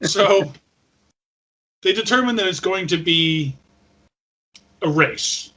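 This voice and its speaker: Guy on a movie podcast, bright husky voice, retelling scenes with silly voices. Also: high voice, takes it slowly. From Canada. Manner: recaps plot with joking put-on voices. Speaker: podcast co-host. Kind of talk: casual movie chat.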